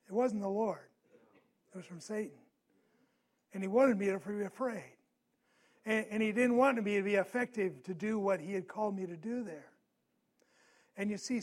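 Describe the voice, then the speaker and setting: A man with a notably high voice preaches a sermon built around a personal story. He talks to the congregation conversationally, asking them questions along the way. His voice turns louder and more urgent at the tense points. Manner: conversational, asks the listeners questions.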